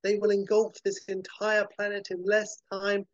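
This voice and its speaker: A man's voice: sits high, monotone, a little slow, no echo, muffled recording, pitched above the performer's own voice. A man voicing a grandiose, boastful mad-scientist villain with a brain in a dome, ranting pompously. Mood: gloating.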